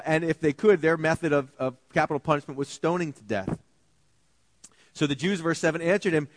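A male pastor delivering an animated sermon, acting out biblical characters in shifting voices. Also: medium pitch, no echo.

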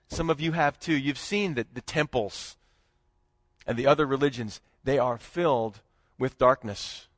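A high-pitched man preaching a church sermon, rising to loud emphasis and then sinking low and quiet. The recording is dry and close, with almost no room sound. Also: no room sound. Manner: animated preaching, swinging between loud emphasis and low hushed lines. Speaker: pastor.

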